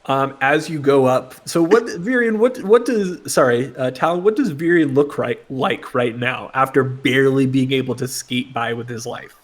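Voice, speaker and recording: A man running a tabletop game as game master, narrating slowly with frequent pauses and fillers. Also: medium pitch. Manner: slow, halting narration with fillers.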